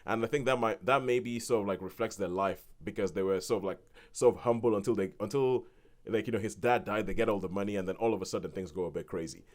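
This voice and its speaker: Guy with a lowish voice reviewing a movie on a podcast, rambly, keeps restarting. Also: quick pace. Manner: rambling with many restarts, animated when quoting. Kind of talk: casual spoken film review.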